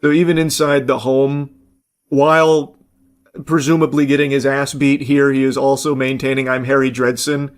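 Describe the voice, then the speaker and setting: A man's voice: medium pitch, level tone, normal speed. A man giving blunt, casual reaction commentary, talking loosely with plenty of fillers.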